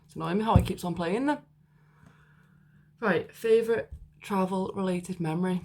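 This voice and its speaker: A woman's voice: medium pitch, normal speed, dark tone. A young woman chatting casually to camera in a vlog, rambling with lots of fillers. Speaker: vlogger. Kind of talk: casual chat.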